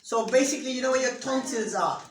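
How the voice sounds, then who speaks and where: A woman's voice: on the high side, quick pace. A woman teacher leading an interactive class, patiently explaining step by step and having the students repeat after her. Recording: echoey room, distant mic, faint noise.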